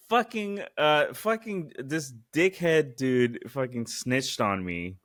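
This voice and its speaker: A man's voice: medium pitch, animated, slow pace, a bit bright. Laid-back young male podcast co-host. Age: young adult. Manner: laid-back, laughs often, rambling with restarts. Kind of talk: casual podcast banter.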